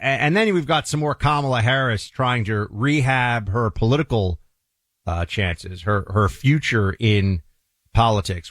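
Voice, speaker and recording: A man hosting a political talk show, delivering commentary in a halting way, full of restarts and uhs, with pitch that jumps up for emphasis. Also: a bit bright, dry recording, studio quality. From New York City. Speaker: radio talk show host.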